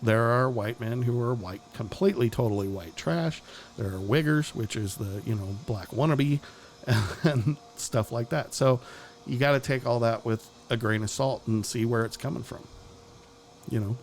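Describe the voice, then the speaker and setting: A man hosts a casual talk show and speaks bluntly, swearing freely. He often breaks into chuckles as he talks. His voice sits at an ordinary pitch for a man. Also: moderate pace. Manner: blunt and profane, with frequent chuckles. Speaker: podcast host.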